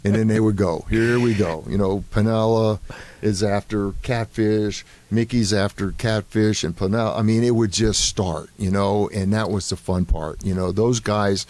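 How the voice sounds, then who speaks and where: An older man with a lowish voice tells stories from his playing days at an easy pace, with plenty of "you know" and "um" along the way. The sound is close and dry, with no room around it. He comes across as a guest looking back in a casual interview. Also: normal speed, no room sound. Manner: relaxed anecdotal storytelling with many fillers. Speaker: former baseball player, guest.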